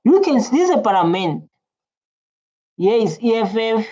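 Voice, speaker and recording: A woman's voice: on the high side, big pitch swings, moderate pace, mellow. A woman giving rambling, chatty reaction commentary, often repeating her words. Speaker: reaction video host. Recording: slightly muffled lo-fi recording.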